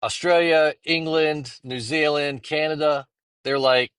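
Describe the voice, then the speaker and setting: A man's voice: on the high side, steady tone, unhurried, a bit bright, clear, resonant tone, no room sound, clean studio sound. A man telling a story with a mocking tone in a casual vlog. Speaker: content creator.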